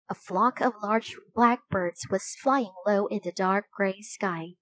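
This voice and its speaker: A woman narrating a storybook in a calm, even way. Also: mid-range voice, takes it slowly, hardly any pauses, no echo. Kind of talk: storybook reading.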